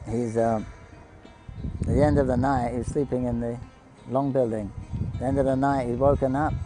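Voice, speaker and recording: A man giving a devotional talk, telling stories in a halting, anecdotal way and quoting the people in them. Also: medium pitch, flat delivery, over music, poor audio. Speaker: devotee storyteller on a pilgrimage broadcast.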